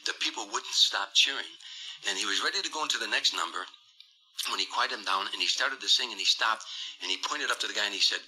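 A man telling a long anecdote in an interview clip, animated and voicing the people in his story. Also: lowish voice, fast talker, breathy edge, rough recording. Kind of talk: recounted anecdote.

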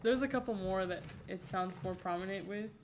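A Californian woman in casual chat at home, teasing her partner and laughing easily. Her voice sits at a mid pitch. Clear background noise and clicks run under the talk. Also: brisk. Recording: noisy home recording.

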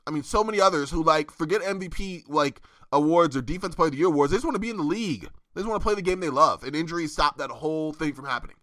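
A man's voice: fairly high pitch, rapid-fire, hardly any pauses, pushed and bright, no echo, studio quality. A young man hosting a casual sports podcast, talking loosely with many fillers and restarts. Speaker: podcast host.

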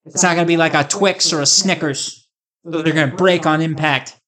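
A man's voice: on the high side, steady tone, brisk, fairly bright tone. Hyped-up rambling man ranting for laughs. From United States. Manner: hyped, rambling and jokey, with crude asides. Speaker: vlogger. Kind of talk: casual comedic rant to camera.

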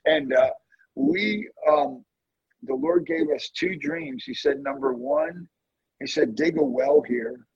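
A man tells an emotional prayer story with real feeling, his voice rough and strongly gravelly. It swings up and down with lively energy. The recording is dry and a little dull, like a lo-fi podcast. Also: slow, no room sound. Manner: earnest, emotional testimony with animated swings in pitch. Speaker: guest, prayer ministry leader. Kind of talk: storytelling in a conversation.

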